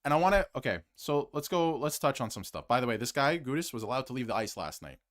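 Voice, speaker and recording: Fired-up man ranting with lively pitch. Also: fast talker. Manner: heated and emphatic, repeats phrases, swings between loud outbursts and muttered asides. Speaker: sports commentary host. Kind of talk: fired-up solo hockey rant to camera, reading super chats.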